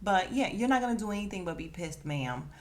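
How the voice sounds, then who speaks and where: A woman hosting a podcast, recapping a reality dating show in a sassy, animated way. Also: mid-range voice, a little fast. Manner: sassy, animated, quotes cast members with attitude. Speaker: podcast host.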